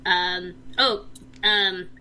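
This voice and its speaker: A woman's voice: fairly low pitch, fairly even intonation, very slow, sharp tone, full character voice, low-quality recording. A woman voicing a friendly, goofy male goblin who rambles and fumbles through his lines. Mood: cheerful. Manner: rambling, chatty, fumbling with note cards.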